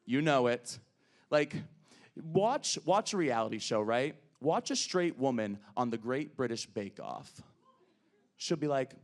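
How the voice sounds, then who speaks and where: A man's voice: mid-range voice, animated, normal speed. A man performing drag stand-up comedy on a club stage, crude and brash in his crowd work.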